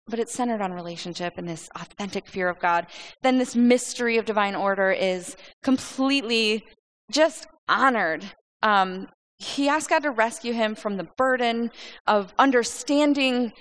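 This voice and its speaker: A woman's voice: a little high, a bit bright. A woman giving earnest Bible teaching, often repeating and restarting her words as she explains.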